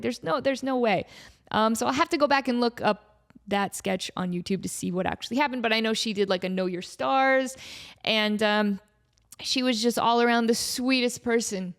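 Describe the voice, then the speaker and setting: A woman in her thirties hosting her own podcast, chatting casually and bubbly, full of "like" fillers and playful asides. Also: on the high side. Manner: playful, jumps into excited voices when telling stories. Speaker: podcast host. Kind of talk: casual solo podcast chat.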